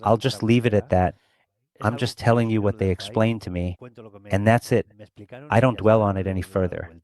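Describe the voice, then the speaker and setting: A man's voice: fairly low pitch, fairly even intonation, normal speed, a little mellow. A middle-aged man from Spain, a guest recounting a personal experience in an interview, speaking earnestly and reflectively with feeling. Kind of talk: emotional personal storytelling in an interview.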